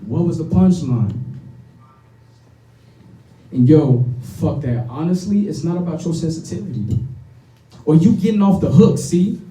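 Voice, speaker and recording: A man's voice: on the high side, expressive, a little slow, long pauses, warm tone. A young man with a Chicago accent performing spoken word poetry at a microphone, rhythmic, intense and blunt. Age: young adult. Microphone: stage microphone. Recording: roomy sound from a distant mic.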